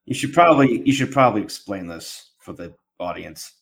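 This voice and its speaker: A man's voice: fairly low pitch, expressive, brisk, vocal fry. A man hosting a casual podcast, wry and sarcastic. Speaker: host.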